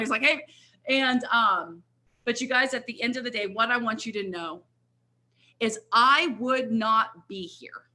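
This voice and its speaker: Her voice is on the high side with a sharp tone, and she takes it slowly. A middle-aged woman and network marketing leader, she shares her story as an emphatic, earnest motivational testimony over a video coaching call, pausing often to check in with listeners.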